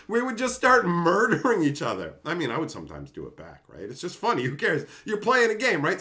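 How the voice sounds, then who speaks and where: Host, male, casual storyteller, voice swings up and down a lot, salty language. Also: on the high side. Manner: animated, swears, acts out quotes in different voices. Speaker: channel host.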